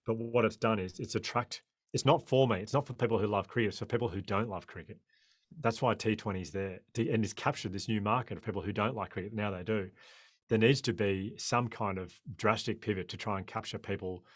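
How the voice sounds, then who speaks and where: An Australian man in his forties, a guest on a podcast interview, talking in an impassioned, animated way. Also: on the low side, a little fast, no echo, studio quality. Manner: impassioned, animated storyteller who acts out quoted voices.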